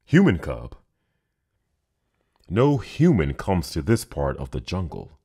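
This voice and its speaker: A man voicing a proud, wise mother wolf who speaks steadily and gently. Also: low-pitched, huge pitch swings, slow, breathy edge, full character voice. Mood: calm firm.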